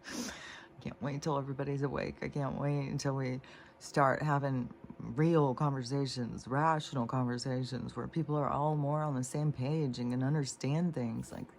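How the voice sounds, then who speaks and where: A casual vlog monologue from a speaker of middling pitch who wanders between thoughts, trailing off into fillers and restarts. The tone runs indignant and disgusted, with loose swearing and moments that drop almost to a whisper. A faint ambient hum sits under the voice. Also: creaky. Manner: meandering, with frequent fillers and restarts; drops to a soft near-whisper at times. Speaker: vlogger.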